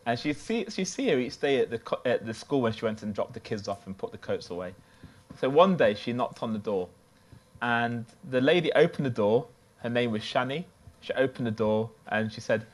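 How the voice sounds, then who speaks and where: A man's voice: mid-range voice, animated, normal speed. Chatty man preaching. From United Kingdom. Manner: conversational storytelling, loose and chatty. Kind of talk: sermon.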